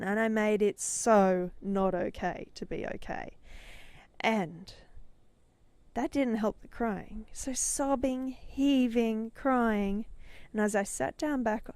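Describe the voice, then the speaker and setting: Middle-aged woman, higher pitch, dry sound, emotional storytelling. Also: fairly even intonation, slow, a little mellow, clean tone, dry recording. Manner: intense, dramatic retelling, voice swelling. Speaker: podcast host and business mentor.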